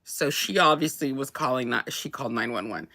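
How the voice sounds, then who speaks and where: A woman co-hosting a casual chat with a bright, ringing tone. She tells her story in a rambling way, restarting and laughing often. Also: very deep voice, animated, a little fast, vocal fry. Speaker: co-host.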